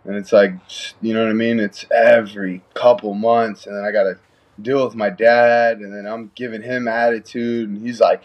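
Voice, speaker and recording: Husky-voiced young man. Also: mid-range voice, moderate pace. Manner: laid-back, slangy, laughing. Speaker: pro fighter. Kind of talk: casual chat.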